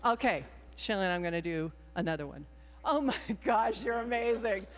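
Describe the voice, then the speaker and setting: With a mid-range voice at normal speed, a woman minister runs a playful children's time in a worship service. Her improvised, encouraging words to the young people ring with the long hall reverb of the church sanctuary.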